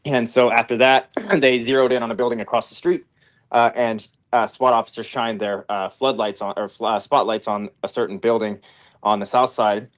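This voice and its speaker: A man's voice: medium pitch, steady tone, moderate pace. A man reporting as a guest in a rambling, casual way, with many fillers.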